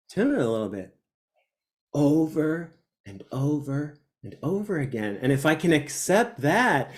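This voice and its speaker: Animated man with a lively voice. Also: fairly high pitch. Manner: animated, laughs often, asks rhetorical questions with "right?". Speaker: guest, mindfulness teacher. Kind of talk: conversational interview.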